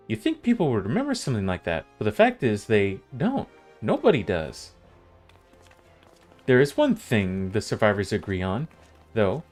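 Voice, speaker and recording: Man doing a motherly tavern mistress, wry, slow storyteller, lively swooping pitch, faint music behind. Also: close to an everyday voice. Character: female tavern owner and guild master, wry and motherly. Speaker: streamer reading game dialogue aloud.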